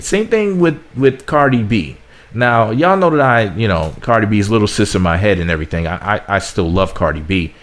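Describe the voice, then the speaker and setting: A man from the United States delivering blunt, sarcastic political commentary as a vlog host, often repeating himself. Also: medium pitch. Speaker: commentary vlogger.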